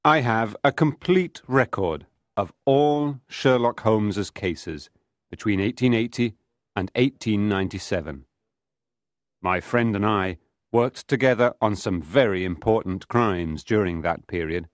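A man reading a story aloud for English learners, slow, clear and steady. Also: fairly low pitch, no echo, clean studio sound. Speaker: narrator.

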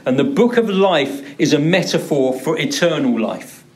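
A man's voice: a little high, animated, normal speed, a little mellow. A male pastor preaching a sermon, driving points home by repeating words for emphasis. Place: church.

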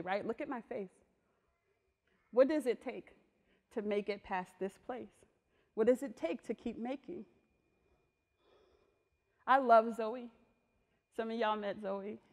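A woman artist giving a talk, telling personal stories in a lively, slangy way. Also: medium pitch, slow pace, pauses often. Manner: lively, slangy storytelling that acts out voices. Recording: long reverb of a large hall.

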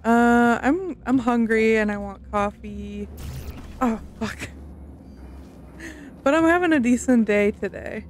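A woman's voice: a little high, moderate pace, few pauses, slight background noise. A young woman casually commenting while playing a video game, playful and chatty with the odd swear. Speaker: gaming streamer. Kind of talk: casual let's-play commentary.

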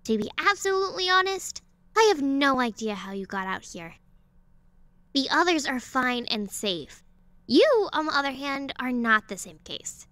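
A woman's voice: high-pitched, sing-song, normal speed, fairly bright tone, no room sound. A woman playing a composed, firm young warrior in a fan audio drama, speaking in a matter-of-fact way. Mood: serious.

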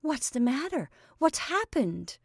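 A woman's voice: high voice, big pitch swings, slow pace, gravelly, no echo, pitched above the performer's own voice, full character voice. Brief: a woman doing an eager, sensitive young girl, lightly raised voice, dry read. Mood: shocked. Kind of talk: storybook reading.

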